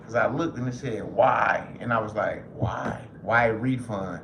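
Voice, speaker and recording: A man chatting loosely on a livestream, joking and cursing as he goes. His voice sits at an ordinary pitch and carries a roomy echo. Faint noise hums underneath. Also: unhurried, a bit bright. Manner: loose, joking, swears freely. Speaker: livestream host. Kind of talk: casual livestream chat.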